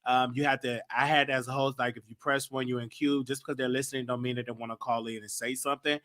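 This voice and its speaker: A man's voice: mid-range voice, level tone, fast talker, sharp tone. A male show host reflecting casually and rambling a little, often restarting his sentences. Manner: rambling, self-correcting, reads viewer comments aloud. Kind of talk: casual commentary on an old broadcast.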